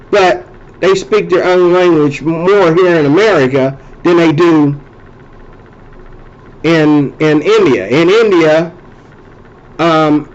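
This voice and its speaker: In a high voice, a man hosts a casual, meandering monologue, talking loosely, repeating himself, and restarting phrases as he goes. The audio has its high frequencies cut off.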